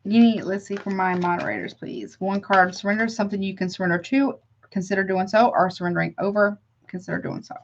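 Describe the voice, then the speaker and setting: A woman's voice: medium pitch, steady tone, fast talker, lo-fi sound, a little hiss or hum. A woman doing a live tarot reading for her chat viewers, chatty and affectionate, calling them honey between card draws. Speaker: tarot reader.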